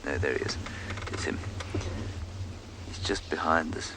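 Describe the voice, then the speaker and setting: Deep-voiced guy doing live safari commentary, calm and explaining, outdoor noise all around. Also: measured pace. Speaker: safari guide. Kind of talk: live game-drive commentary. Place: outdoors in the bush on a game drive.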